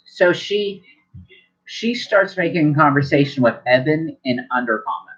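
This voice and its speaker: A man's voice: on the high side, animated, measured pace, a bit bright. A man running a tabletop game as game master, narrating loosely with many fillers. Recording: dull lo-fi sound.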